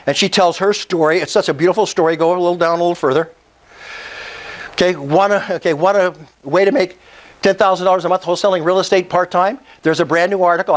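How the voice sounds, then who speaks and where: A man giving a live sales presentation at an investors' meetup, excitable and pushy, often asking the room if it's cool. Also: sits high, rough recording.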